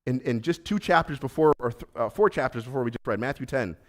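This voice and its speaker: A pastor delivers a sermon, voicing both Jesus and Peter as he shifts from loud, urgent lines to soft, hushed ones. His pitch sits in the middle and he speaks fast.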